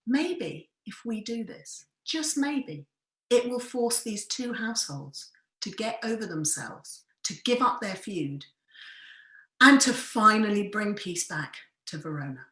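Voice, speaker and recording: A woman's voice: medium pitch, sing-song, takes it slowly, a bit bright. A woman voicing the musing thoughts of an older male friar who hopes to make peace. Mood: hopeful. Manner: musing, hopeful inner thoughts. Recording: roomy echo.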